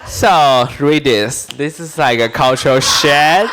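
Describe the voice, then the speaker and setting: Slow-talking tipsy man from Taiwan. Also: a little high, background noise. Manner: giggly and loose, laughs between phrases. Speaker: presenter at a live bar show.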